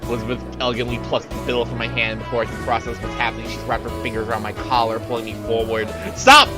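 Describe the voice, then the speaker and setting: A man streaming himself reading a visual novel aloud, narrating and then ranting in an animated way, full of "like.". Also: mid-range voice, very fast, low-quality recording. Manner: animated, frequent filler "like". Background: game music.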